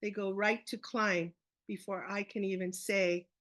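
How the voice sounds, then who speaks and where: A woman's voice: medium pitch, little pitch movement, unhurried, fairly bright tone, no room sound. A woman leading a webinar on early reading, walking through her teaching step by step and asking questions she then answers herself. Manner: explains step by step, asks questions and answers them.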